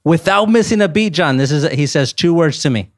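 A man in his thirties, a podcast guest, telling a casual story with animated rises into disbelief. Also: a little high, brisk, no echo, studio quality.

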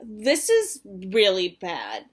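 A woman's voice: mid-range voice, wildly swooping pitch, extremely slow, breathy edge. A young woman co-hosting a casual chat, retelling reality show scenes in a chatty way, laughing often and swearing now and then. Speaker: podcast co-host.

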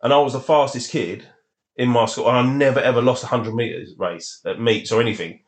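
A man, a guest on a podcast, telling lively stories from his past. He swears freely and laughs as he talks. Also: mid-range voice, brisk. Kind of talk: casual storytelling.

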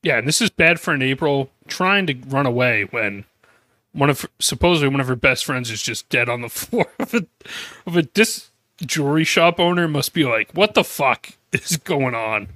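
A man's voice: mid-range voice, animated, moderate pace, pushed and bright, dry recording. A man co-hosting a podcast in casual chat, swearing and incredulous as he reacts. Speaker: podcast co-host.

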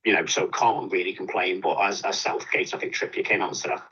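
A man's voice: low-pitched, brisk, slightly rough, muffled recording, soft background music. A man giving opinionated, rambling football punditry in casual chat. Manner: opinionated, animated, rambling with restarts.

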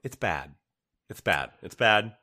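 A man's voice: lowish voice, expressive, slow, pushed and bright. A man co-hosting a podcast from home, rambling, laughing often and trailing off mid-sentence. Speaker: podcast co-host. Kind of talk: casual chat. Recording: remote recording from home.

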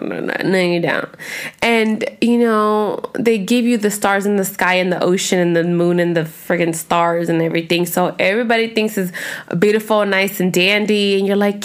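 A woman's voice: medium pitch, steady tone, moderate pace. A young woman hosting a podcast in casual chat, rambling and swearing often. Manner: rambling, chatty, cusses a lot. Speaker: podcast host.

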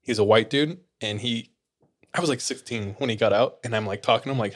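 A man's voice: lowish voice, fast. A young man chatting casually on a podcast, telling a long story with lots of laughter. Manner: animated storyteller, laughs often. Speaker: podcast co-host. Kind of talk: casual chat.

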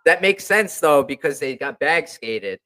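A man's voice: on the high side, lively intonation, a little slow, bright, forceful tone. A young man chatting casually as a hockey fan, rambling with lots of fillers. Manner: rambling, many fillers and restarts. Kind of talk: casual chat.

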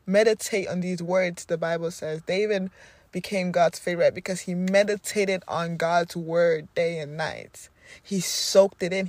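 A woman's voice: on the low side, no echo. A woman podcast host delivering a spiritual affirmation talk, repeating phrases with rhythmic emphasis.

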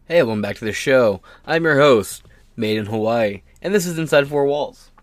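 A man's voice: mid-range voice, lively intonation, moderate pace, dry recording. A man hosting his own podcast, ranting in a profane, sarcastic and combative way. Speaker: podcast host.

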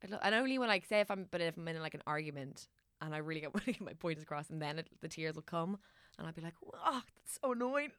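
Young woman guesting on a podcast, kinda low gravelly voice, laughs a lot, restarts everything. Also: very fast, fairly bright tone, no room sound, clean studio sound. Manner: laughs often, self-deprecating, many restarts. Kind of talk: casual chat.

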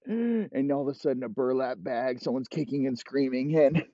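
A man's voice: mid-range voice, steady tone, a little fast, mellow, no room sound. A man telling an improvised comic story in a rambling, profane way. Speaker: comedy storyteller. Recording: dull lo-fi recording.

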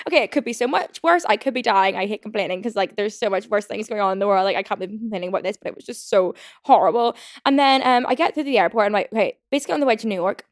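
A young woman hosting a podcast, telling a story in a fast, chatty rant full of swearing and fillers. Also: on the high side, no room sound, studio quality. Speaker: podcast host. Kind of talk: casual solo rant.

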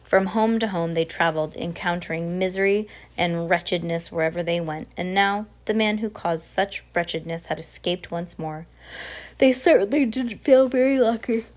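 A woman's voice: fairly low pitch, fairly even intonation, moderate pace, few pauses. A woman reading a children's novel aloud, unpolished, with frequent slips and restarts. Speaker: audiobook reader. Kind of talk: casual read-aloud of a novel.

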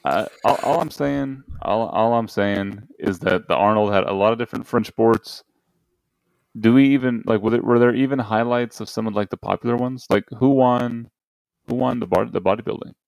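A man's voice: medium pitch, normal speed, creaky, darkish tone, no echo, low-quality recording. A young man co-hosting a casual podcast chat, joking and teasing his friends and trying silly accents. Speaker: podcast co-host.

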